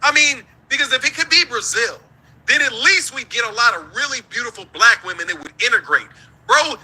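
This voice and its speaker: A man from the United States rants in heated, profane commentary, laughing between his points. His voice sits high for a man and cuts with a hard, tense edge. He talks like a host holding forth on his own show. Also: animated, fairly quick, sharp tone, husky, low-quality recording. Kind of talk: ranting commentary.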